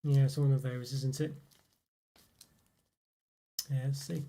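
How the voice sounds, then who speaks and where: A man's voice: mid-range voice, little pitch movement, slow pace, mellow. A man hosting a live stream, chatting in a rambling way and reading out viewer comments with lots of fillers and chuckles. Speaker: live stream host reviewing chocolate.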